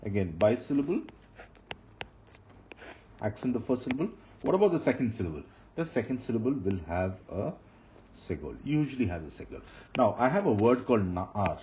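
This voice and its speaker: A man's voice: medium pitch, very animated, normal speed, long pauses. A man teaching Hebrew grammar as he writes on a board, patiently repeating key terms and restarting phrases. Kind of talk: explanatory lecture while writing on a board. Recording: dull lo-fi sound with faint noise.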